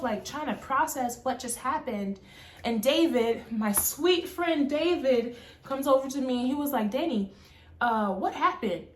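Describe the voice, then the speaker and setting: Animated young woman telling a story. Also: a little high, echoey room. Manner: animated, emphatic, frequent "like". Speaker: vlogger telling a personal story. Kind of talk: storytime monologue.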